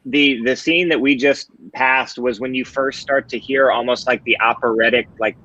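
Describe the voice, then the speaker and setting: A host of an online watch party asking his guests questions, quick and steering the conversation. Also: mid-range voice, fairly even intonation, sharp tone, muffled recording. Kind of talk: hosting a watch party on a video call.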